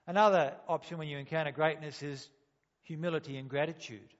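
A man's voice: a little high, steady tone, brisk. A man preaching a sermon, asking rhetorical questions and acting out quotes. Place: church hall. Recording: dull sound, long hall reverb.

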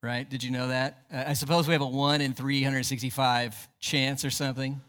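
Bright-voiced man preaching in an echoing church. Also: mid-range voice, level tone, fairly quick, clean tone. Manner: emphatic, asks the congregation rhetorical questions. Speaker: pastor. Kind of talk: sermon. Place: church sanctuary.

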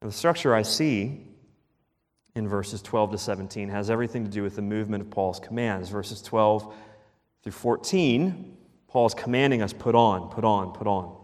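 A man preaching a sermon as pastor, emphatic, repeating key phrases and dropping to a hush at the ends of lines. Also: fairly low pitch, normal speed, long reverb tail.

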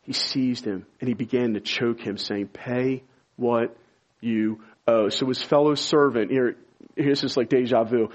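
Husky-voiced man preaching a sermon. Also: steady tone, moderate pace, dull audio. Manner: rises to loud, high-pitched emphasis when stirred. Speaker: pastor.

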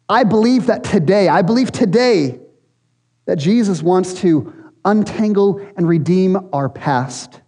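A man with a high, slightly mellow voice preaches to his church congregation as their pastor, sounding earnest and conversational. He's in a church hall, and the recording carries a long hall reverb.

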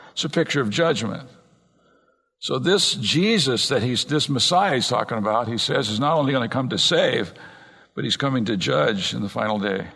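A man preaching an earnest expository sermon from the pulpit, slowing down and speeding up to stress points. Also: medium pitch, lively intonation, fairly bright tone, breathy edge. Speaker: pastor. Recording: long reverb in a large hall.

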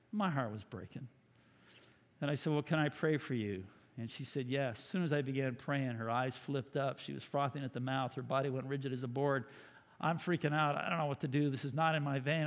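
A man preaching as pastor, telling a story dramatically and swinging from loud bursts to hushed, quiet lines. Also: medium pitch, big-room sound. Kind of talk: sermon storytelling.

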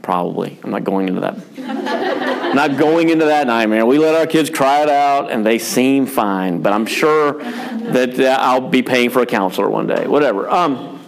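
A male pastor with a gravelly voice talks about family life in a casual, unscripted way. He rambles frankly, is quick to poke fun at himself, and often restarts his sentences. His pitch sits in the usual middle range for a man. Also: lively intonation, a crowd in the background. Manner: rambling, frank, self-deprecating, many fillers and restarts. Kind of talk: casual pastoral chat on parenting.

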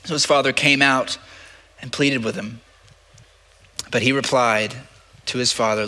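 Bright-voiced male pastor preaching. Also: mid-range voice, steady tone, unhurried, long pauses. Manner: conversational, stumbling and repeating words. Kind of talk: sermon. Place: church sanctuary. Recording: long reverb of a church hall.

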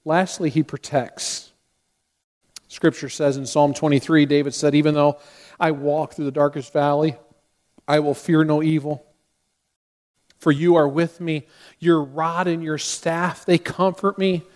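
A man's voice: on the high side, little pitch movement, unhurried, pauses often, darkish tone. A middle-aged man preaching a sermon as a pastor, earnest, with sudden acted outbursts.

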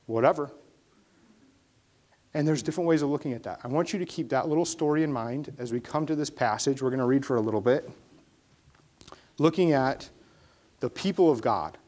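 A man's voice: mid-range voice, lively intonation, brisk, a little mellow. A man preaching a sermon in a casual storytelling way, with emphatic bursts on key points. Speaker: pastor. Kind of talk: conversational sermon.

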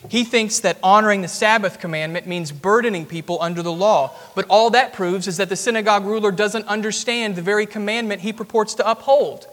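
A man's voice: high-pitched, a little fast, few pauses, a bit bright. A man preaching an expository sermon in a church, earnest and building to emphatic peaks. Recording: long hall reverb.

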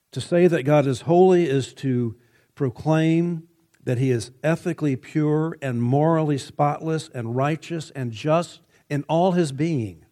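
Male preacher, sermon, slow delivery, mellow tone, emphatic scripture reading. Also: a little high. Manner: measured, emphatic, rising on scripture quotes.

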